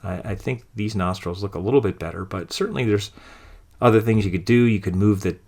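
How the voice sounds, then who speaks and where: A man with a lowish voice guides a software tutorial, recorded close to a desktop mic. He talks through each click in a relaxed, offhand way, thinking aloud as he goes. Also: a little fast. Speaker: design instructor.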